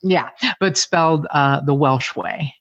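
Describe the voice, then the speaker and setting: This middle-aged Cincinnati-area, Ohio, woman speaks slowly in a low-sitting voice as a guest in a casual conversation, candid, animated and cursing freely as she tells stories. The recording is muffled, with no echo.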